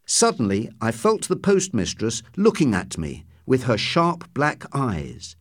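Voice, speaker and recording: A man reading a story aloud as narrator, in a steady, measured storytelling voice. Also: medium pitch, no room sound, studio quality. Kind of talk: scripted audiobook narration.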